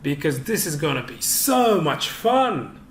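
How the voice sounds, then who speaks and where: A man teaching an online English lesson for young children, giving instructions slowly and clearly. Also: on the high side, big pitch swings, a little hiss or hum. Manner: slow, clear instructional delivery.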